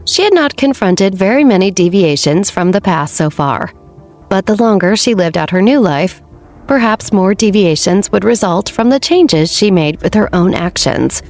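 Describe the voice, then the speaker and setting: A woman narrating an audiobook romance novel in a steady, even storytelling manner. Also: medium pitch, normal speed, faint music behind. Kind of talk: scripted narration.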